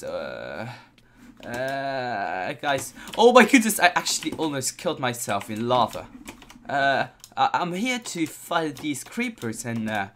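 A man giving excitable let's-play commentary on a video game, constantly exclaiming and talking to his viewers. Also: mid-range voice, a little hiss or hum. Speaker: gameplay commentator.

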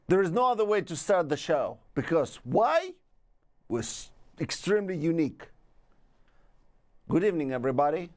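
Male comedic host, slow playful rambling delivery with animated pitch. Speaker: talk show host.

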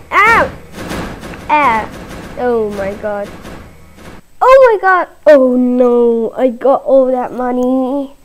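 A woman giving playful gameplay commentary, giggly and easily panicked, bursting into shrill cries of no. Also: low-quality recording. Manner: excitable, breaks into high panicked shrieks of "no"; giggly and playful between outbursts. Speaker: gaming video host.

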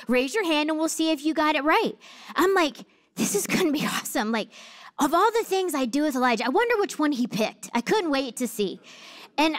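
A woman in her thirties, a pastor, giving a sermon with animated, funny storytelling on a church stage. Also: high-pitched. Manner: animated storytelling with comic asides.

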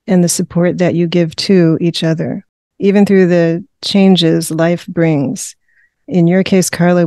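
A woman interviewer asking measured, affirming questions of two guest artists. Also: lowish voice, mellow, no echo, studio quality.

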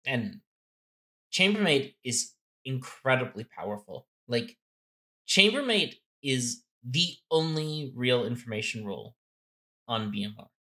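A man's voice: mid-range voice, expressive, measured pace, pushed and bright. A man co-hosting a casual game-strategy talk, explaining step by step and thinking aloud with restarts. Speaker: co-host.

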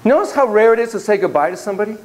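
A man lecturing in a classroom, his voice sitting a little higher than most men's. He delivers the lesson theatrically and swings between quiet asides and sudden exclamations. He keeps putting questions to the class, with a faint hiss of noise under the recording. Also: rapid-fire, poor audio. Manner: animated, theatrical, jumps between hushed and exclaiming.

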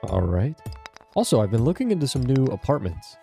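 A man's voice: mid-range voice, very animated, a little fast, vocal fry, dark tone, faint music behind. A young man talking casually to his viewers while playing a farming game at home. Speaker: gaming channel host. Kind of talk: casual gameplay commentary. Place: home, indoors.

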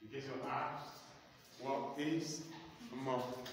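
A man's voice: mid-range voice, fairly even intonation. Guy teaching a class, says everything twice for notes, big echoey hall, faint room noise. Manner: slow, repeats key terms to dictate notes. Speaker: lecturer. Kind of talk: classroom lecture.

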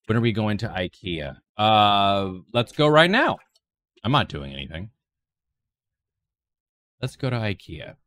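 A man on a livestream doing a goofy impersonation of another streamer, rambling and playful, swinging from silly squeals to deadpan mumbles. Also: on the low side, a little slow, long pauses. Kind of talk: comedic stream chat impersonating a woman streamer.

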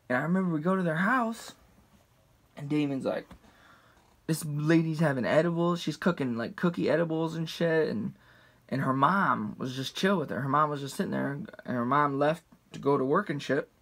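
A man in his twenties talks straight to the camera and tells a long, profane story in a loose, rambling way, circling back and restarting. His voice sits a little high for a man. He swears constantly and jumps into quoted voices as he goes. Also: moderate pace, a bit bright. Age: 20s. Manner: acts out quotes with big pitch jumps. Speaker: storyteller vlogger.

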